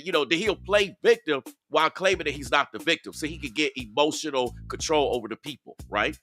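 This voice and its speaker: Speaking briskly with few pauses, the man's slightly high voice comes across pushed and bright over soft background music. He's an outdoor live-stream commentator who talks directly to viewers and repeats himself for emphasis in a casual way.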